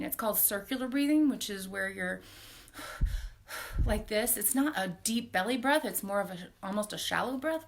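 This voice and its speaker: A woman in her forties hosting a live stream, telling a personal story in a heartfelt, halting way with soft laughs. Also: mid-range voice, vocal fry. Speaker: host.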